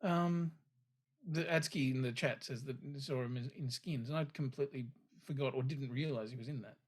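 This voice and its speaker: A man's voice: medium pitch, fairly quick. A man co-hosting a casual film review podcast, swearing freely and laughing often. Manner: swears freely, laughs often, reads a synopsis in a put-on accent. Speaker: podcast co-host.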